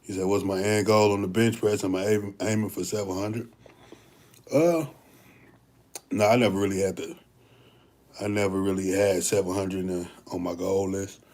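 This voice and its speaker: A man's voice: low voice, steady tone, normal speed, pauses often, a little mellow. A young man, a bodybuilder hosting a livestream and answering viewer questions in a laid-back, slangy way. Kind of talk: casual livestream Q&A.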